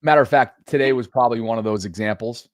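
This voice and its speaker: A middle-aged man co-hosting a podcast, chatting casually with a playful, drawn-out joking delivery. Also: medium pitch, no echo, studio quality. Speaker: podcast co-host. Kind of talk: casual chat.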